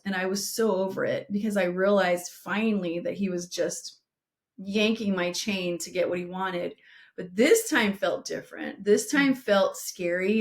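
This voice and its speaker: Earnest middle-aged woman on a podcast, mid-pitched voice, talking straight and slowing down for emphasis. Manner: earnest, direct, slows down for emphasis. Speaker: podcast co-host. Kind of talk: advice podcast with personal storytelling.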